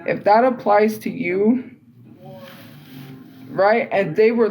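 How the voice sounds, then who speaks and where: A woman's voice: medium pitch, slow, long pauses, a little mellow, rough recording. A young woman telling a story on a livestream in a rambling, exasperated way, full of "like" and restarts. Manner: rambling, filler-heavy, with frequent "like" and restarts; exasperated and incredulous. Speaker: livestream host.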